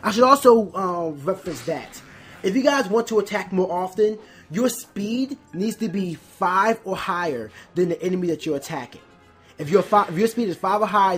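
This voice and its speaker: A Let's Play host giving casual gameplay commentary, often stumbling, restarting words and filling pauses with "um". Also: mid-range voice, lively intonation, soft background music.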